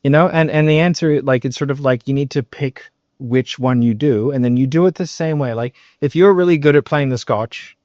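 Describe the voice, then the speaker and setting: Lockerer Australier, der Verkauf erklärt, dumpfer Klang. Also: male voice, medium pitch, brisk, hardly any pauses, a little mellow, dry recording. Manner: emphatic, loose, swears, many fillers and tag questions. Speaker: sales coach. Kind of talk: casual coaching talk. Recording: dull, slightly muffled recording.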